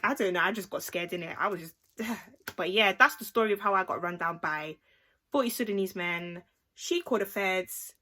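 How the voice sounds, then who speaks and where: A young woman telling an animated, slangy story in a casual vlog, acting out the people she talks about. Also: mid-range voice. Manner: animated, acts out the voices of the people in her story; slangy, chatty, with lots of "like" and "innit". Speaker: vlogger.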